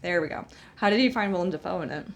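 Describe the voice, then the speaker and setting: Lively low-voiced woman gamer. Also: rapid-fire. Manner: animated, exclaims and laughs while playing. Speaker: co-host, player. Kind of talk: casual chat while gaming.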